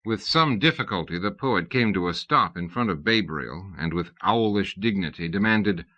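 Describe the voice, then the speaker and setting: A man reading a comic fantasy novel aloud as an audiobook narrator, in measured, even storytelling. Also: low-pitched. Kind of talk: scripted narration. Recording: dull lo-fi audiobook recording.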